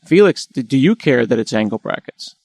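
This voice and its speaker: A man's voice: medium pitch, sing-song, brisk, vocal fry, a little mellow, no echo. A man with an American accent hosting a casual tech interview, asking curious questions with a self-deprecating touch. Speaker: host.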